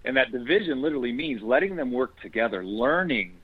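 A man's voice: medium pitch, animated, fast, husky, dry recording. A man speaking as a guest in a faith conversation, earnest and preacherly, quoting scripture as he explains. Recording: tinny phone line, dry.

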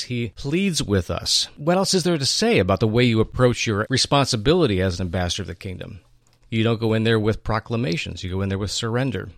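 A man's voice: lowish voice, dry recording, studio quality. A man hosting an interview, reflective and faith-focused in his questions. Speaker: podcast host.

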